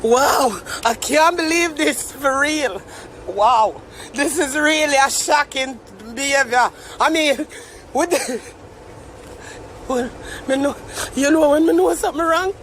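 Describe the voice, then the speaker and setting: A man's voice: very high voice, takes it slowly, fairly bright tone, a little hiss or hum. A young Jamaican man ranting on a live stream, mock-tearful and theatrical. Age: young adult. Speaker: social media commentator.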